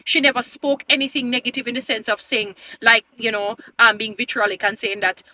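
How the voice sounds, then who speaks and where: Speaking directly to camera, a woman vlogger presses her opinions on her followers, pleading insistently and drifting into a sermon-like tone. She calls them "beautiful people" in a high, bright, steady voice, talking briskly over slight background noise.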